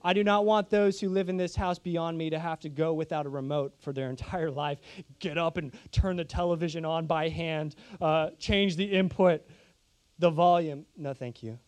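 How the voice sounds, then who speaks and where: A man's voice: fairly high pitch, normal speed, darkish tone, clean tone. A young man preaching a sermon, telling a humorous, self-deprecating story to his congregation.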